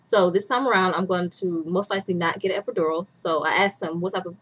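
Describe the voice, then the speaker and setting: A woman's voice: fairly low pitch, fast talker, a bit bright, husky. A woman in her twenties chatting candidly as a vlogger, laughing often as she talks. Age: 20s. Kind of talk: casual chat.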